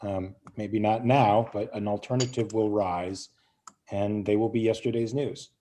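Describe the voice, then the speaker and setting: A man speaking as a guest on a casual panel show, measured and thoughtful. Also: on the low side, steady tone, warm tone, slight background noise.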